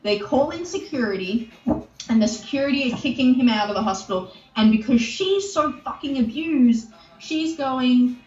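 A woman's voice: high-pitched, moderate pace, darkish tone. A woman in her forties chatting on a podcast, retelling a TV show in a heated, swearing way and acting out the people in it. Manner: heated, swearing, acts out quoted voices. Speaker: podcast co-host. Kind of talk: casual chat, retelling a TV show. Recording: echoey, distant, dull sound.

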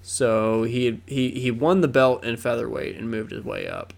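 Young male podcast co-host, gravelly, loose and rambly, casual swearing. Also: medium pitch, huge pitch swings, moderate pace. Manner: rambling, swears, lots of fillers and restarts. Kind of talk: casual chat.

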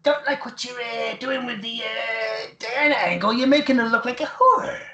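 A man putting on a gruff, halting old father. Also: extremely high pitch, sharp tone, echoey room, lo-fi sound, pitched above the performer's own voice, heavily acted. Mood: complaining. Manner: halting, hesitant, strained.

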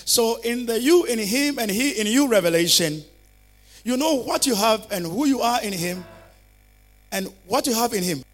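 Fervent high-voiced male pastor preaching. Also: animated, normal speed. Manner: fervent, calls for congregation to repeat after him. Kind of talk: sermon.

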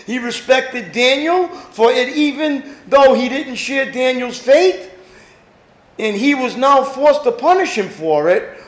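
Pastor guy preaching, real high voice that jumps all over, echoey room. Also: slow pace. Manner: animated preaching, rhetorical questions to the congregation. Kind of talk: sermon.

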